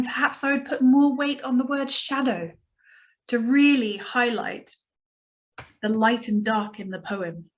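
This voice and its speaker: A woman teacher giving a recorded lesson, talking students through a poem in an encouraging way and reading it slowly and dramatically. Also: on the high side.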